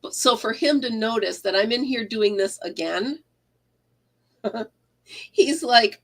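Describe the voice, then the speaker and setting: A slow-talking woman with a twang chats while she crochets live from her craft room at home. She rambles, laughs easily and stops to greet viewers by name, her voice sitting at an ordinary middle pitch. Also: a bit bright. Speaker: crochet livestream host. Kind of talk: casual livestream chat while crocheting.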